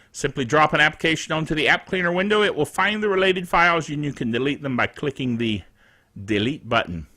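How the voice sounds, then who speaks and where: A man hosting a casual tech news show, reading the week's stories with jokey asides and chuckling at himself. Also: fairly high pitch. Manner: animated, jokey, chuckles at his own asides.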